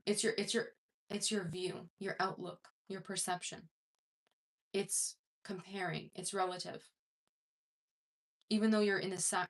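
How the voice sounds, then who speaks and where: Her voice is fairly low in pitch with a bit of brightness. As a self-improvement coach addressing viewers on camera, she rambles conversationally, often restarting and using fillers.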